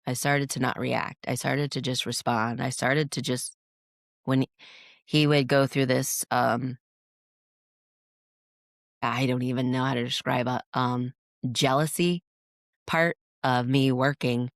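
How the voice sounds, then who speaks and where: Woman podcast guest, mid-pitched with a gravelly edge, earnest and reflective, dry close sound. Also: steady tone, slow, pauses often, dry recording. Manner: earnest, reflective, with frequent restarts. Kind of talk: candid interview storytelling.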